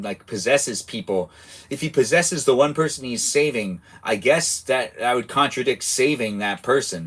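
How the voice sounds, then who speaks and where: Young man, live streamer, rambling casual chat, mid pitch. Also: a bit bright. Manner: rambling, chatty, self-interrupting.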